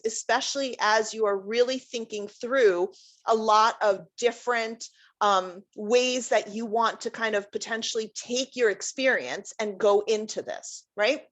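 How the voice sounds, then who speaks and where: A woman career center director giving a workshop presentation in a conversational, explanatory way, with frequent um fillers. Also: a little high.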